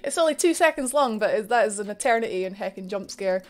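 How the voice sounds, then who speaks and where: A woman's voice: medium pitch, animated, fast, soft background music. A young woman live streamer chatting casually and playfully with her viewers. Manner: bubbly and playful, jokes with chat. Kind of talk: casual chat greeting viewers.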